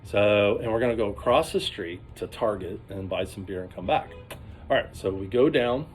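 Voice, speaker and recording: A man telling a rambling, animated story in casual vlog style, acting out what people said. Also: lowish voice, moderate pace, faint music behind. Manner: rambling, animated, acts out quotes.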